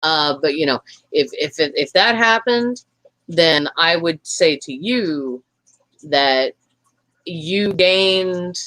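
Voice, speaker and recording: Southern woman co-host, young, rambling, swears freely; bright, dry sound. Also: deep voice, lively intonation, takes it slowly, dry recording, rough recording. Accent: Southern American. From Tennessee. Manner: rambling, frank and profane, with many fillers. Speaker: podcast co-host. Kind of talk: casual chat.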